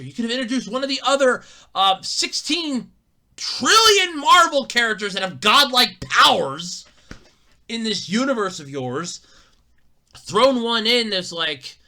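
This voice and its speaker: A solo podcast host with a bright, edgy tone and a lively voice that leaps up and down. They rant about gaming news in a profane, emphatic way, repeating themselves when worked up. Low mutters alternate with sudden loud outbursts.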